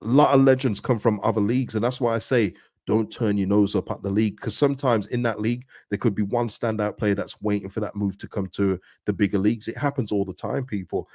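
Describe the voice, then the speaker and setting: A middle-aged man hosting a casual livestream, chatting to viewers in a lively way and often calling them "people". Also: on the low side, fast talker, no echo, clean studio sound. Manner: chatty, animated, repeats words and addresses viewers as "people". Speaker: host of a fan livestream reading chat.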